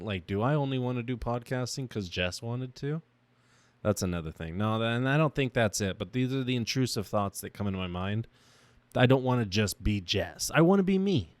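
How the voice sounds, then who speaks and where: Briskly and in a lowish voice, a young man reflects on himself on his own podcast, with no room sound. The monologue is raw and emotional and keeps pausing and restarting.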